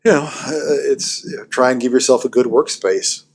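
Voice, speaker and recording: A man's voice: medium pitch, normal speed, slightly rough. A man talking casually about building and repairing guitar gear, with lots of "you know" fillers and restarts. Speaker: amp builder guest. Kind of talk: casual technical podcast chat.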